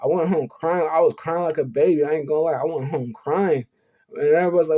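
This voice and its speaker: A fast-talking young man with a warm, fairly high voice shares a personal story on his vlog. His tone is earnest and confessional, and he rambles and repeats himself, often tossing in "you know what I'm saying."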